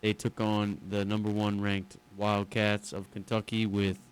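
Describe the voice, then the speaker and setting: A man's voice: fairly low pitch, monotone, measured pace, smooth. A young man co-hosting a radio show, recalling a game in a laid-back, hesitant way with many "you know"s. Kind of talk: casual sports chat.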